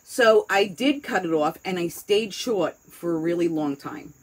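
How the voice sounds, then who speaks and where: A woman's voice: lowish voice, lively intonation, unhurried, husky, low-quality recording. A woman with a New York accent chatting casually, candid and rambling, swearing freely as she talks. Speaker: host. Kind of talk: casual chat.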